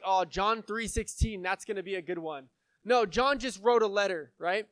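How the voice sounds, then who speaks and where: A young man delivering a sermon in a loose, conversational way, often checking in with "right?" and "okay?". His voice sits high for a man. The sound is close and dry, with little room around it. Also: a bit bright, clean tone, no echo. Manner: casual, conversational preaching with frequent "right?" and "like". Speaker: pastor.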